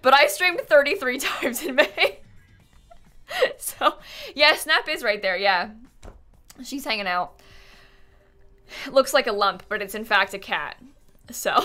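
A woman's voice: a little high, animated, slow pace, pauses often, bright, forceful tone, soft background music. A woman hosting a casual live game stream from home, chatty and rambling with many fillers, thanking her viewers as she goes. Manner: reads out and thanks chat viewers.

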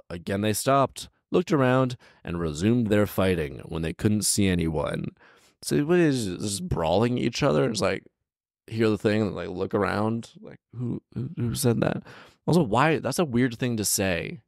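Sarcastic low-voiced male storyteller. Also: no echo, studio quality. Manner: sarcastic, exasperated, incredulous. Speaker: storyteller and podcast host. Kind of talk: comedic fairy-tale reading with commentary.

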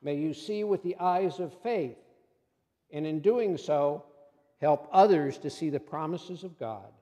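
A man preaching a sermon in a measured, solemn way and telling a story to close it. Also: a little high, expressive, mellow, big-room sound.

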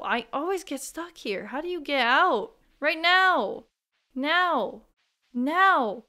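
A young woman hosting a let's play, chatting bubbly and excitable, bursting into squeals. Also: high-pitched. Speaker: gaming channel host.

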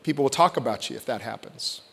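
A man preaching a sermon as pastor, swinging from loud emphatic lines to hushed, intimate ones. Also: mid-range voice, lively intonation, fast, vocal fry, slightly rough. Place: church sanctuary. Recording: long church reverb.

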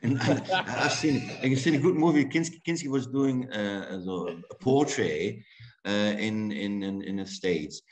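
A man with a German accent, an actor guest telling lively anecdotes in a casual interview, often laughing. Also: mid-range voice, unhurried, slight background noise. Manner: animated storytelling, playful laughs.

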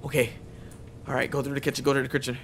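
A young man giving excitable, jumpy commentary while playing a horror game, repeating himself and using slang. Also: medium pitch, very fast, slight background noise. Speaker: gamer.

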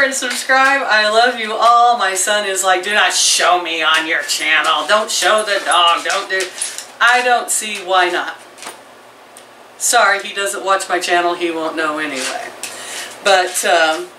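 A middle-aged woman chatting to viewers and her pets in a rambling home vlog, filmed on a camera mic. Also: fairly low pitch. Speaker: vlogger. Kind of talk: casual home vlog chat. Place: home, indoors and out by the chicken pen. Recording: roomy, from a distance, faint background noise.

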